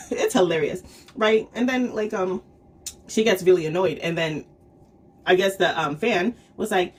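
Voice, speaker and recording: A chatty woman talks through a comic review in a husky, slightly low voice. She rambles with plenty of fillers and little check-ins, laughing often as she acts out the characters' lines. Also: moderate pace. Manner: chatty storytelling full of "um", "like" and "right?". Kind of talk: casual review vlog.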